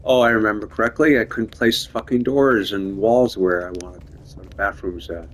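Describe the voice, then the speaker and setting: A man's voice: on the low side, fairly even intonation, moderate pace. A man talking casually over his own gameplay in a dry, wry way, muttering to himself. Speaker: gameplay video creator.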